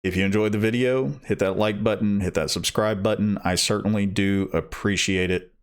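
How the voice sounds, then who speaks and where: A man reading an audiobook, talking casually to listeners afterwards in a slow, rambling way that keeps correcting itself. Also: fairly low pitch, fairly even intonation, smooth. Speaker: audiobook reader.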